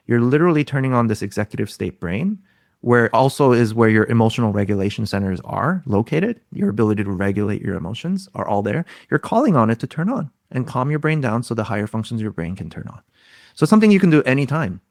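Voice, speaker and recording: A man of middle pitch speaks as an interview guest, laying out ideas step by step like a teacher. He keeps asking his listeners questions and then answers them himself. The recording is dry and close, with no room sound. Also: very animated, fast talker, creaky, darkish tone, no room sound. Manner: teaching tone, frequent rhetorical questions. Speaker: podcast guest expert. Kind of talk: explaining in an interview.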